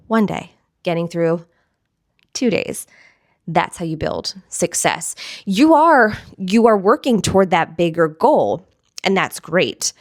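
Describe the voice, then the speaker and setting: On the low side vocally, this young woman, a fitness instructor, chats upbeat and casually to camera with motivational energy. She giggles and repeats phrases to stress them. The recording is dry and studio quality.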